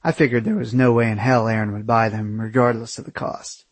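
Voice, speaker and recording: A man's voice: medium pitch, steady tone, a little fast, no room sound. A young man narrating his own travel memoir aloud in a sardonic, self-mocking and profane way.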